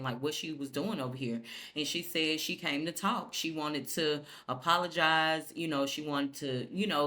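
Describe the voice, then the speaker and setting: A woman with a deep, low voice recaps a TV episode for her viewers in a casual, chatty way. Her talk is slangy and full of swearing, and she addresses her audience directly. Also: sharp tone. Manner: profane, slangy, talks straight to viewers.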